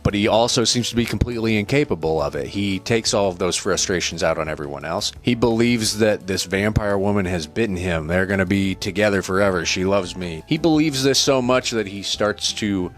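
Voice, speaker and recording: A man casually recapping and reviewing a movie in an animated way, laughing now and then and repeating words. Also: lowish voice, brisk, hardly any pauses, faint music behind.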